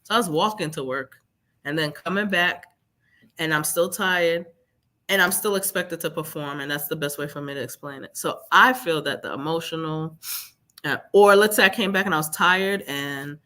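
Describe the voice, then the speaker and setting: A woman guest telling her own story in a live interview, animated and acting out what others said. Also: deep voice, moderate pace.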